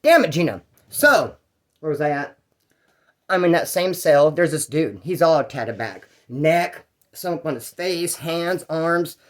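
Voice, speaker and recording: Guy with a slightly higher voice rambling through a jail story, lots of slang and side notes. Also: very animated, unhurried. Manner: rambling and slangy, with fillers and restarts. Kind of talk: casual first-person jail story.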